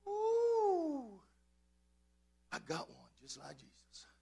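A male pastor preaching fervently in a church, swinging from shouts to quiet asides and calling out to his congregation. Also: high voice, lively intonation, moderate pace, gravelly, slightly rough. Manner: addresses congregation, calls and repeats. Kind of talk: preaching a sermon.

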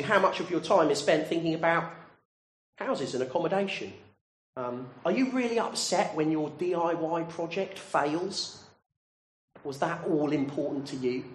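A man's voice: a little high, normal speed. A man preaching a sermon, earnestly putting direct questions to his listeners. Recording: roomy echo.

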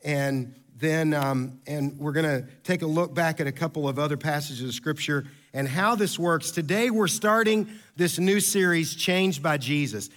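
A man preaching a sermon as pastor, telling stories in an animated, conversational way. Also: fairly high pitch, normal speed, few pauses.

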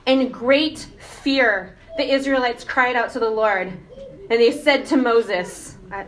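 High-voiced woman preaching conversationally. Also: slow pace. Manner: conversational, animated, asks the congregation questions. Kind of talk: casual sermon.

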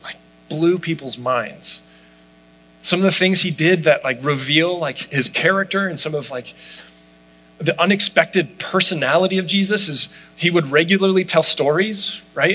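Bright-voiced man preaching casually. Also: a little high, rough recording. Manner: conversational, frequent "like" fillers. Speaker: pastor. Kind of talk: sermon.

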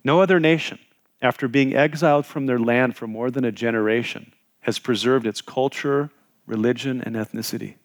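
A middle-aged man delivers a Bible teaching like a talk with friends, pausing to ask his listeners questions and circling back over his words. His voice sits at an ordinary middle pitch. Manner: conversational, asks the audience questions, repeats words. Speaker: pastor teaching a Bible passage. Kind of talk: expository sermon.

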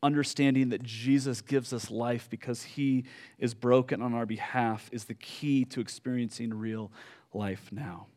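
A man preaching a sermon, telling a story slowly with fillers and pauses, dropping soft at solemn moments. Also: mid-range voice, fairly even intonation. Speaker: pastor.

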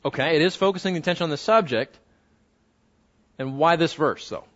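A man teaching a Bible study to a live group, talking conversationally, often putting questions to the class and slowing down to read scripture aloud. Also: on the high side, lively intonation, a bit bright. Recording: dull lo-fi recording.

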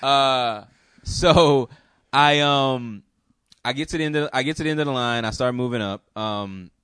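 A man hosting a podcast who tells a story in a rambling, profane, halting way. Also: mid-range voice, a bit bright, clean tone, no room sound, clean studio sound. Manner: rambling, profane, hesitant with restarts. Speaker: podcast host. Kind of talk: casual storytelling.

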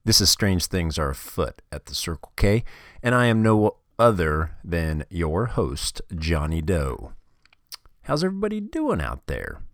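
A man's voice: low-pitched, huge pitch swings, a little slow, no echo, studio quality. A man hosting his own podcast, opening the show in a joking, casual way. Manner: joking, upbeat. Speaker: podcast host.

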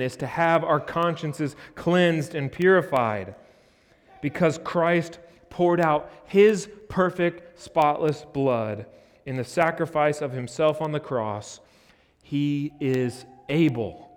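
American male pastor, slow deliberate sermon delivery, emphatic, long church reverb. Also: a little high. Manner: earnest, emphatic preaching with forceful rises. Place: church sanctuary.

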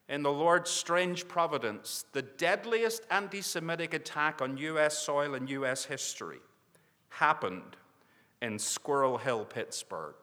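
A man's voice: on the high side, a bit bright, long reverb tail. A man making an earnest mission appeal from the pulpit, pleading with the listeners again and again for prayer and support. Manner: earnest, urging with repeated pleas. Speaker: mission society speaker. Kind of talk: sermon appeal.

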